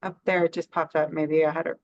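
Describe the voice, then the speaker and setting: A woman's voice: deep voice, little pitch movement, fast talker, no echo, muffled recording. A woman taking part in an online workshop, flustered and unsure with the technology. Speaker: workshop participant. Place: on a video call.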